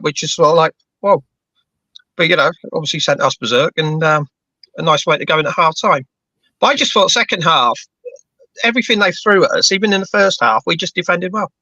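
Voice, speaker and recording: Bright-voiced man with a London-Bedfordshire accent. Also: a little high, dry recording, dull audio. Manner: chatty, repeats words when starting sentences. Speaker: football fan panelist. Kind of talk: casual chat.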